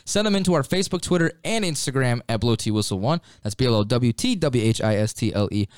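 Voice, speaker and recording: A man hosting a sports talk show in a studio, upbeat and quick to laugh. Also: mid-range voice, lively intonation, clear, resonant tone, no room sound. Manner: upbeat, laughs between lines. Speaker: host.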